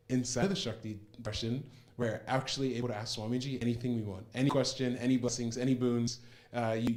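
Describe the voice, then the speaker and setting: A man's voice: mid-range voice, darkish tone. A young man giving a personal testimony about a spiritual program, earnest and heartfelt, often restarting his sentences.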